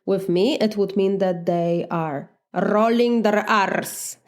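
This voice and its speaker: A woman's voice: medium pitch, takes it slowly. A woman with an Eastern European accent, a life coach talking earnestly in a solo podcast monologue, often adding "right?" to her points. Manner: earnest, reflective, frequent "right?" asides.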